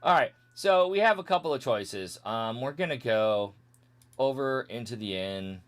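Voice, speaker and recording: A medium-pitched, expressive male voice, slightly slow, provides casual let's-play commentary on a retro game. He jokes around and breezes past the on-screen text by saying "blah blah" and "meow" over and over.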